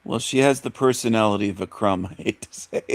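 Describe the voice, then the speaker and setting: A man's voice: lowish voice, fast talker. A man hosting a talk radio show, rambling through an opinionated monologue and repeating himself with rhetorical questions.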